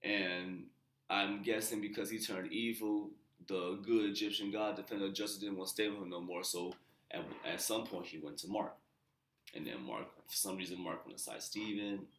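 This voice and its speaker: Male reviewer with a low voice, loose and slangy, muttered asides, echoey room. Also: moderate pace, a bit bright. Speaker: TV episode reviewer, channel host. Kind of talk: casual unscripted episode recap. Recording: roomy echo.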